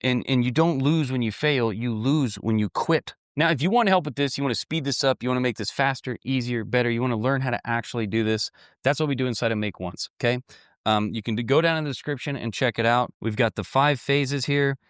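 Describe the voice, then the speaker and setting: A man's voice: mid-range voice, fast, a bit bright, clean tone, dry recording. Blunt male business coach, folksy, repetitive delivery, dry room. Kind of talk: motivational talk to camera.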